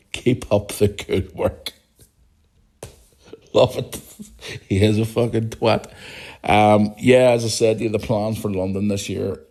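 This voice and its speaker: An Irish man with a deep, darkish voice hosts a casual podcast, reading listener messages aloud and answering them bluntly. He's outspoken, swears freely, and chuckles often.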